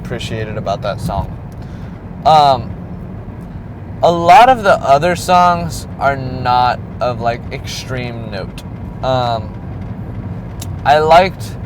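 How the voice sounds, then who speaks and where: Man rambling through an album review outdoors. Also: mid-range voice. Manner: rambling, many filler ums and likes. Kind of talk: casual spoken album review. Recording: clear street and traffic noise.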